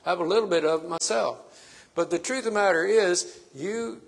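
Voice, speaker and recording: A man's voice: sits high, brisk, creaky. A man preaching a sermon, stressing his points by repeating phrases.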